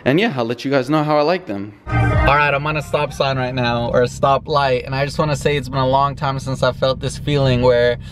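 A man's voice: fairly even intonation, a little fast, over music. A young man chatting casually in a vlog at home, playful and laughing easily. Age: young adult. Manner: playful, laughs often, coaxing high voice with his dogs. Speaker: vlogger. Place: at home, later in a car.

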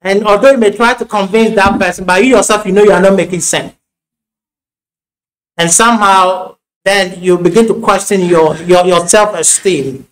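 Ghanaian pastor guy preaching, high voice, chatty stories, restarts a lot. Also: steady tone, normal speed, rough recording. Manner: storytelling, repetitive restarts, laughing asides. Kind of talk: sermon. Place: church.

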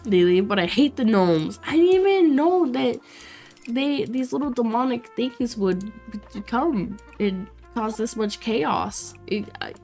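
Young woman streaming a game, slow talker, kinda high voice, gets all worked up, faint music behind. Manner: excitable, exclaiming and laughing often, chatting to viewers. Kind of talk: casual let's play commentary.

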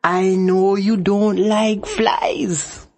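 Sneaky spider guy from a kids story, sweet-talking real slow, a lady doing the voice. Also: mid-range voice, animated, a little mellow. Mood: sly coaxing. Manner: slow, coaxing, drawn-out. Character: sly male trickster spider.

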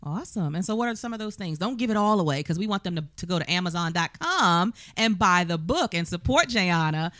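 Woman host, 30s, upbeat and playful, quick to laugh; dry close-miked sound. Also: fairly low pitch, lively intonation, fairly bright tone, no room sound. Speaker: talk show host. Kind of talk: casual interview chat.

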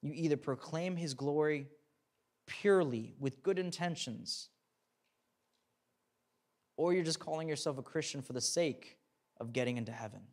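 A man's voice: on the high side, normal speed, long pauses. A young man, a pastor, telling a personal story in a sermon, acting out the dialogue and then preaching earnestly.

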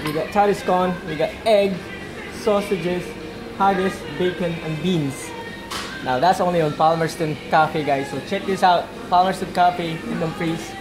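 A man films a casual vlog in a cafe and talks to his viewers with constant excitement. He speaks very slowly and laughs often. Loud music plays behind him. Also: high-pitched, poor audio. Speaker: vlogger. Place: cafe indoors.

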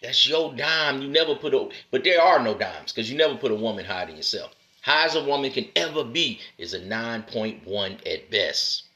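A man lectures his listeners in a bright, forceful voice, calling them "man" and "brother" over and over. His delivery is emphatic, with loud punchy lines that drop into low, slow asides. It sounds like a street-style motivational talk aimed straight at the camera. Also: animated. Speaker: motivational speaker addressing men. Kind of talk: preachy direct-to-camera monologue.

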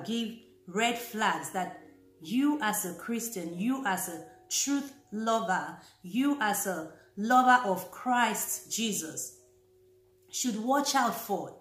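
A woman's voice: medium pitch, expressive, measured pace, a bit bright. Earnest woman warning, echoey room. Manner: earnest, warning, repeats key phrases. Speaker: Christian vlogger. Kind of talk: casual talk to camera.

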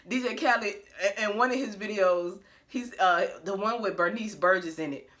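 A woman's voice: medium pitch, moderate pace, fairly bright tone. A woman vlogger delivering a blunt, profane rant to camera, talking in an emphatic way and laughing between her points.

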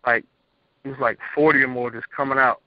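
A man's voice: mid-range voice, steady tone, a little fast, no room sound. A young man calling in to a show, earnestly telling his story in a plain, rambling way over a phone line. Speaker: caller. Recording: muffled phone-line audio.

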